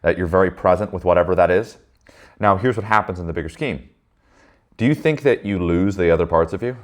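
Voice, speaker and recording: A man's voice: low voice, fairly quick. A man leading a men's group in a casual motivational talk, blunt and emphatic, swearing freely and checking in with listeners. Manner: addresses listeners with frequent "right?" tags.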